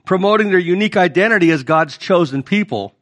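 A man's voice: high voice, lively intonation, fast talker, fairly bright tone. A middle-aged male pastor preaching a conversational sermon and putting questions to the congregation.

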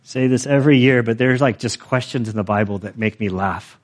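A man preaching a sermon, telling stories in an animated, chatty way with many filler words. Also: medium pitch, fairly quick. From United States. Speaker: pastor. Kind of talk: sermon with storytelling.

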